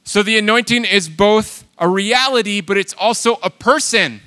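A man preaching a sermon, animated and emphatic, swinging between loud exhortation and quiet asides. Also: high voice, moderate pace. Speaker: pastor.

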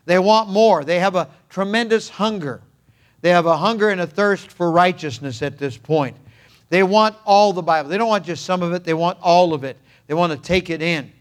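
Older man preaching emphatically, high voice. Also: moderate pace. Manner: emphatic, repetitive preaching cadence. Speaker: pastor. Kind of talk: sermon.

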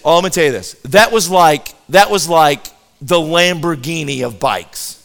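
A man with a notably high voice telling a comic story to a listening crowd. He is animated and tends to double up the first word of a sentence as he gets going. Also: normal speed, creaky. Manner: animated, repeats words when starting sentences.

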